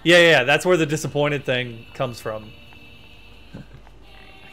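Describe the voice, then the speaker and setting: A man streaming a video game, chatting in a rambling, excitable way as he plays. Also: on the high side, slow. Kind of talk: let's play commentary. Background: faint game music.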